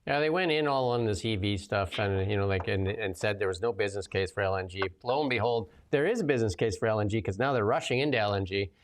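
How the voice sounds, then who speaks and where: A man's voice: on the low side, fast, hardly any pauses, slight background noise. A man hosting a political talk show, commenting casually with sarcastic asides and frequent laughter. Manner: sarcastic, rambling, laughs often. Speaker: host.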